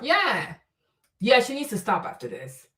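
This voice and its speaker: A high, bright-toned woman hosting a livestream and talking bluntly to her viewers. Her pitch leaps around as she fires off rhetorical questions. She sits a little back from the mic. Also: huge pitch swings, a little slow, recorded from a distance, a little hiss or hum. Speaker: livestream host. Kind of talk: livestream chat commentary.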